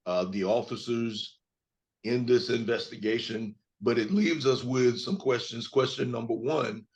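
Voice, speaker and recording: A man in his fifties from Mississippi, an attorney giving a hoarse, measured press statement over a video call. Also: mid-range voice, dull audio. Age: 50s. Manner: measured, with frequent fillers.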